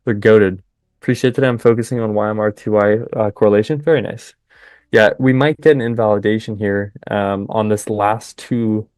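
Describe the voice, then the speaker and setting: A young man hosting a live trading stream, chatting with viewers and cheering the market on in excited bursts. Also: on the low side, normal speed, smooth, no echo, studio quality. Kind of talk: live trading commentary with chat.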